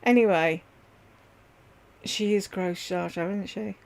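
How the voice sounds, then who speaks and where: Rambling, gravelly-voiced woman chatting on a livestream. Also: medium pitch, slow. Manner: rambling, chatty, talks straight to viewers by name. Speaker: livestream host chatting with viewers. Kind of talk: casual livestream chat.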